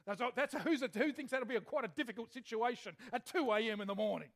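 A man's voice: very high-pitched, fast. A male pastor preaching a sermon in a chatty way, often asking the congregation questions.

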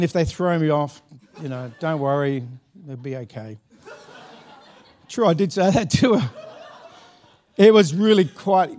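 Warm and slightly high, this middle-aged pastor's voice carries a story from the pulpit. His sermon anecdote is chatty and full of laughter, with frequent restarts.

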